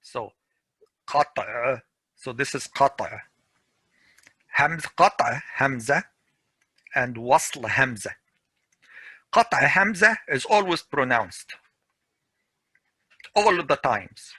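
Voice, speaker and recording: A middle-aged man teaching a grammar class over a video call, repeating each example slowly and patiently. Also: mid-range voice, lively intonation, pushed and bright, slightly rough, no echo. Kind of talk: online class lecture.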